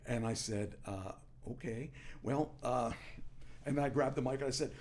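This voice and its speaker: A man, a former wrestler, telling stories in a casual podcast chat and rising into a loud promo voice when he quotes himself. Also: mid-range voice, moderate pace. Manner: animated, shouts into promo voice when quoting himself. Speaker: former pro wrestler guest. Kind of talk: casual storytelling.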